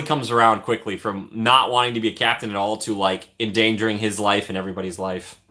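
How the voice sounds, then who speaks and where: Dude doing a chill live stream, reading chat, goofy jokes, bright kinda forceful voice. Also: male voice, lowish voice, fairly even intonation, fast talker. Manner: jokey, thanks chat often, trails off into asides.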